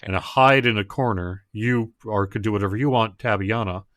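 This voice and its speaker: A man with a lowish voice narrates a tabletop adventure as game master, describing the scene in a relaxed, halting way. His voice is close and dry, as over a voice call. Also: dry recording. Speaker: dungeon master.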